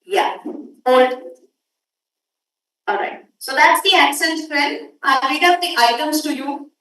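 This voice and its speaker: A high-pitched woman leads a workshop in a brisk, directive way and keeps pressing her students to move quickly. Her voice is picked up from a distance and rings through a very echoey room. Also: a bit bright, a little hiss or hum. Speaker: workshop instructor. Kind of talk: classroom lecture. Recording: echoey room audio from far off.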